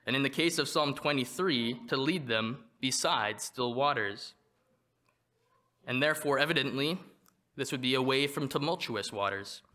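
A man preaching a sermon, reading from a prepared text in a measured way and slowing down to stress quoted verses. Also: mid-range voice, bright, forceful tone. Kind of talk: read sermon.

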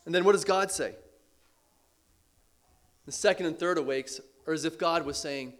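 A man preaching a sermon with earnest emphasis, repeating key phrases and letting his voice drop low at the ends of lines, with the odd light laugh. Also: moderate pace, pauses often. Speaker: pastor.

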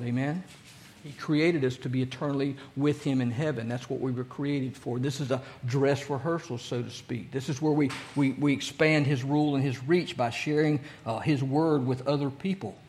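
A man's voice: medium pitch, steady tone, moderate pace, a little mellow. A male pastor preaching a sermon in a folksy, conversational way, asking the congregation questions.

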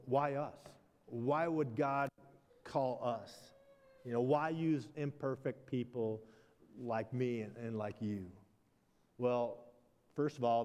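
A man's voice: medium pitch, darkish tone, big-room sound. A man, a pastor, preaching a conversational sermon, animatedly acting out the exchanges of a story and adding self-deprecating asides.

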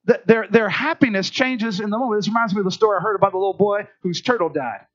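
A man preaching a sermon, telling lively stories and acting out voices. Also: sits high, quick pace, highs cut off. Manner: animated storytelling, acts out voices. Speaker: pastor.

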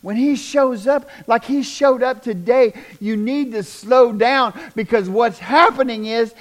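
A high-voiced male preacher delivers a fiery sermon. He swings from loud shouting down to hushed near-whispers, folksy and full of repeated questions to the congregation. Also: measured pace, hardly any pauses. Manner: folksy, repeats "do you understand".

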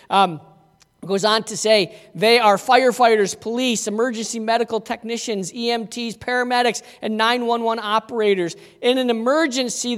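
A man's voice: sits high, a bit bright. A man preaching a conversational sermon as pastor, telling stories in a folksy way. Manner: folksy storytelling. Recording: long hall reverb.

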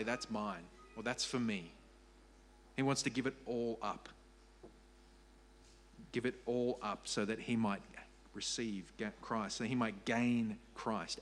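A man's voice: mid-range voice, a bit bright. A man preaching a sermon as pastor, earnest and repeating key phrases for emphasis.

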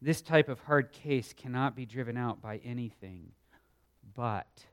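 Brief: unhurried male Sunday school teacher, earnest, emphatic, swings from loud to hushed. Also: medium pitch, smooth. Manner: earnest, emphatic, swells loud then drops quiet; thinks aloud with small restarts. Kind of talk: Bible lesson teaching.

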